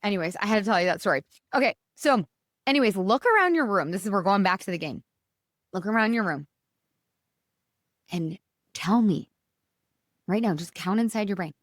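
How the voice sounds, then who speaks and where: An animated woman hosting a motivational podcast talks at a moderate pace but pauses often. She's casual, energetic and bubbly, her pitch swinging, and she leans on "you guys" when addressing listeners. The studio-quality recording is dry.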